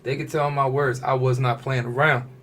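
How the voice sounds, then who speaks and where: A man's voice: medium pitch, brisk, slight background noise. Man telling a story in casual slang. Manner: animated storyteller, slips into quoted voices, casual slang. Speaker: fashion designer, podcast guest.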